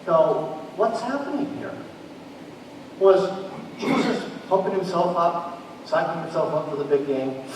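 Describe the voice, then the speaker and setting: A man's voice: sits high, measured pace, long pauses. A male pastor preaching a sermon who retells a story with dramatic, building urgency. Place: church sanctuary. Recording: echoey church hall, distant mic, faint noise.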